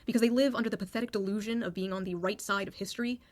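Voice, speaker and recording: A woman's voice: mid-range voice, steady tone, very fast, a little mellow. A woman in a played video clip delivering a scornful political opinion monologue.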